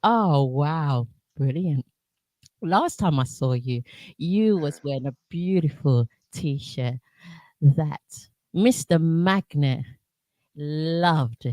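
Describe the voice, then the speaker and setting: A woman's voice: sits low, animated, drawn-out words, warm tone, no echo. A woman from South London hosting a radio interview, chatty and playful, laughing often, with a South London accent. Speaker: radio show host. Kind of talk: casual interview chat.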